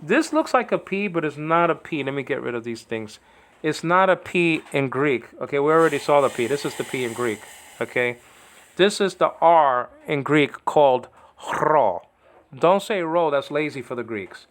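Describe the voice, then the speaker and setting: A man's voice: fairly high pitch, lively intonation, normal speed, fairly bright tone. Home-lesson teacher, male, digressive, keeps asking "okay?". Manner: rambling, digressive, says "okay?" often. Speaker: Greek teacher. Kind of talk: informal home video lesson.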